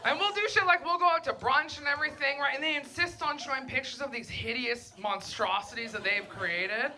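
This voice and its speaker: A woman's voice: sits high, a little fast. Brash young woman doing crude stand-up. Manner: crude, brash, deadpan delivery with mocking put-on voices. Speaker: stand-up comedian. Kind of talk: stand-up comedy set. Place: comedy club stage. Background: audience laughter.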